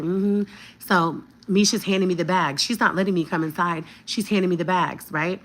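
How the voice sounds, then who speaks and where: A woman's voice: lowish voice, fairly quick, bright, forceful tone. A woman in her fifties telling a heated story to her viewers, blunt and profane. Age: 50s. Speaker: vlogger.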